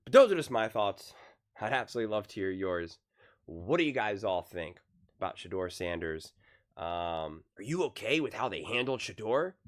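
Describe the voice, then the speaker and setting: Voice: low voice, very animated, moderate pace. A sports commentary channel host giving heated, opinionated commentary, stressing points by repeating key phrases.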